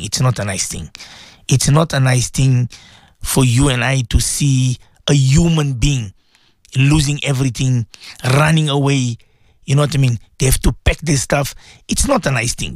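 A man hosting a live radio show, talking earnestly to his listeners, repeating himself and breaking into animated quoted voices. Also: mid-range voice, no room sound, clean studio sound. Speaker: radio show host and religious teacher.

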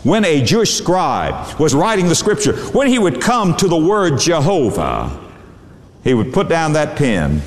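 A man preaching a sermon, drawing out words for dramatic emphasis. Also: wildly swooping pitch. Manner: dramatic, drawn-out emphasis with sweeping pitch. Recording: echoey hall with long reverb.

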